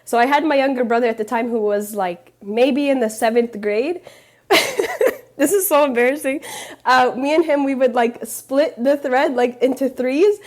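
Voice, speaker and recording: A woman's voice: high-pitched, moderate pace, few pauses, a little mellow. A young woman guest on a podcast, telling stories in a loose, chatty way, full of fillers and little laughs. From Palestinian, raised partly in Canada. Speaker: podcast guest, embroidery teacher. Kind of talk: casual storytelling interview.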